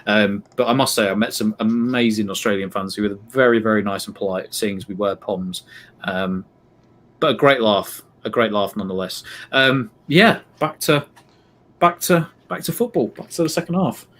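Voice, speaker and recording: Man, low voice, casual live stream chat, rambling and hesitant. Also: moderate pace, a bit bright. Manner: rambling, hesitant, lots of plugs. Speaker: watch-along co-host.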